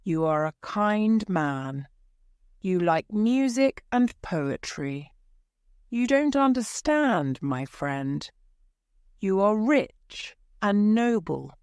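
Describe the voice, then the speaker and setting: A woman's voice: mid-range voice, expressive, extremely slow, darkish tone, clean tone, no echo, studio quality, voice pushed up. A woman voicing a boastful, greedy male army sergeant in a storybook reading. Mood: scornful. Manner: boastful, bold.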